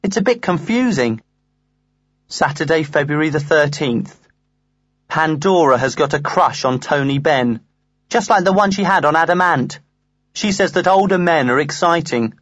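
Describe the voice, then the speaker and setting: Guy reading a funny diary out loud, earnest and lively, kinda high voice, dry sound. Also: moderate pace, dry recording. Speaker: audiobook reader. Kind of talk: first-person comic diary reading.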